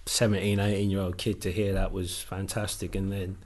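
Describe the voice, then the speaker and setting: A middle-aged man, a former footballer, telling animated stories as a podcast guest and swearing freely. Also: low voice, a little fast. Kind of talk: casual storytelling interview.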